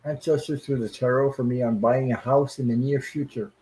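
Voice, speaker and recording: A man's voice: mid-range voice, steady tone, brisk, darkish tone, slight background noise, poor audio. A man hosting a tarot livestream, chatting casually and rambling with many fillers, sounding tired.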